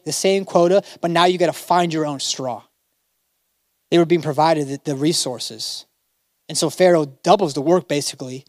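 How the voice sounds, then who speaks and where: High-pitched man preaching a sermon. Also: no room sound, clean studio sound. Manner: dramatic, voices biblical figures in casual modern speech. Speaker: pastor.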